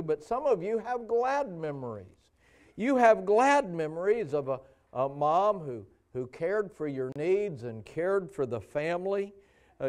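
A pastor preaching and praying before his congregation in a church, with an earnest, halting delivery and frequent pauses. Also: fairly high pitch, darkish tone. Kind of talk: sermon. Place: church sanctuary.

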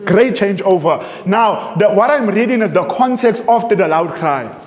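A man preaching with a high, urgent voice, asking questions and then answering them himself. The sound is roomy and echoes with a long reverb. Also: animated, normal speed. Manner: emphatic, repeats phrases, asks rhetorical questions. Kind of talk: sermon with readings.

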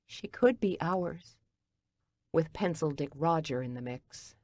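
A woman's voice: deep voice, animated, slow pace, warm tone, no room sound, clean studio sound, full character voice. A woman reading an audiobook, voicing a hurt, angry man who speaks in a brusque, cutting way. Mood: arguing. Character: angry wounded man arguing with his ex.

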